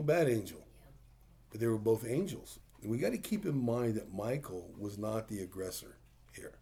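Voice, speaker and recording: A man's voice: on the low side, mellow. A man preaching a conversational sermon, plain-spoken and full of rhetorical questions. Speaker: pastor.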